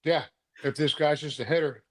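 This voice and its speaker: A man's voice: on the high side, steady tone, brisk, fairly bright tone. A man in his forties, a former football player co-hosting a podcast, talking bluntly with lots of swearing and teasing. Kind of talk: casual sports chat.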